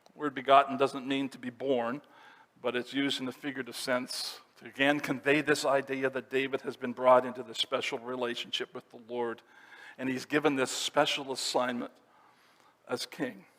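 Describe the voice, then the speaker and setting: A male pastor of middle pitch preaching a sermon and working through scripture verse by verse. He explains each passage in a steady teaching manner. His voice carries a long reverb from a church sanctuary. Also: moderate pace.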